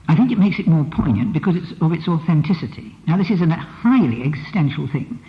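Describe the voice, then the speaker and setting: A man's voice: fairly high pitch, animated, fairly quick. Reflective male lecturer, echoing hall. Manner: reflective, emphatic, repeats phrases with shifting stress. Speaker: psychotherapist lecturer. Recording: dull lo-fi archive recording in a reverberant hall.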